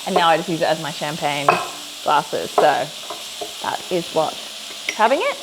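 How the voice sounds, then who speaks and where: A woman's voice: low-pitched, animated, unhurried, heavy background noise. A woman chatting casually at home and describing a drink she was sent, with a chatty manner and plenty of ums. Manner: bubbly, chatty, lots of ums. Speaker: co-host, drinks reviewer. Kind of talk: casual chat. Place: home kitchen.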